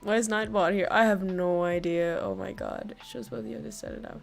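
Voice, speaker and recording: A woman livestreamer chatting casually with her viewers, excitable, laughing often and swearing freely. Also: medium pitch, brisk, gravelly, faint music behind.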